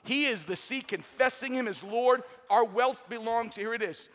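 A man's voice: very high-pitched, normal speed, a bit bright. A middle-aged man preaching a sermon with energy and humor in a large church. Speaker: pastor. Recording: long hall reverb.

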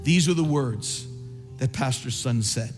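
A man preaching a sermon in a large church, rising to impassioned shouts and dropping to soft pleading as he calls people forward. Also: mid-range voice, measured pace, long reverb tail, faint music behind. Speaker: pastor. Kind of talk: sermon with altar call.

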